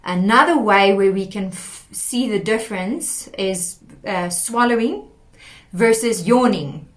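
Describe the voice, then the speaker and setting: A woman teaching a singing lesson, explaining patiently and demonstrating sung warm-up exercises. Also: mid-range voice, takes it slowly. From South Africa. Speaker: vocal coach.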